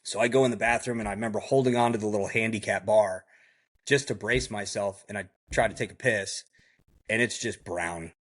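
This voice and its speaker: A man talking fast in a lowish, fairly even voice shares a story from his own life as a podcast guest. His casual retelling is blunt and vivid, with the quoted dialogue acted out and many fillers like "like" and "I go."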